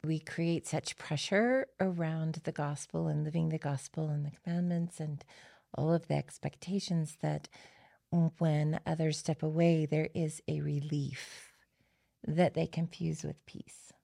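A woman's voice: sits low, fairly even intonation, measured pace, creaky, warm tone, no room sound, clean studio sound. A woman co-hosting a gospel discussion, thoughtfully explaining ideas through everyday comparisons. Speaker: podcast co-host.

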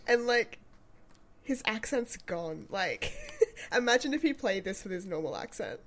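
Woman podcast co-host, giggly, playful banter, bouncy pitch, casual chat. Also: lively intonation, moderate pace. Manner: giggly, laughs often, playful. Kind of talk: casual watch-along chat.

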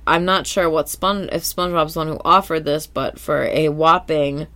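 A woman co-hosting a podcast, recapping an episode in casual chat, animated and slipping into quoted voices, swearing casually. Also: low voice, normal speed. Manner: animated, slips into character quotes. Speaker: podcast co-host.

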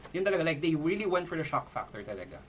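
A man with a Filipino accent, a podcast guest telling stories in relaxed chat, mixing English and Filipino, with some swearing. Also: a little high, racing, a little hiss or hum. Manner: switching between English and Filipino, laid-back storytelling with profanity. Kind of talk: casual chat.

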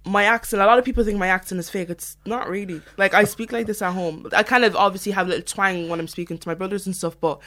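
A young woman in her late teens with a Cork Irish accent, chatting as a guest in a casual radio interview, animated and laughing easily. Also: mid-range voice, racing, few pauses. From Cork, Ireland. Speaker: actress guest. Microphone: phone line.

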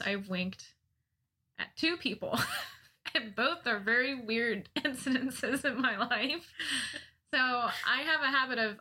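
A young woman casually telling a funny personal story, often laughing at herself in a self-mocking, animated way. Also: mid-range voice.

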